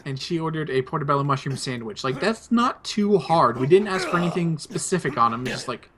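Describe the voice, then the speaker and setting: Laid-back young man, slightly high voice. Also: expressive, fairly quick, crowd noise. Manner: rambling anecdote, laid-back. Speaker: let's play host. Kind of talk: casual gameplay chat.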